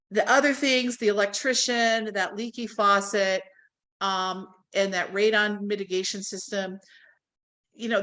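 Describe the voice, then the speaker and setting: A woman's voice: mid-range voice, a bit bright. A woman teaching a real estate training class to a live audience, talking animatedly and acting out quoted phone calls.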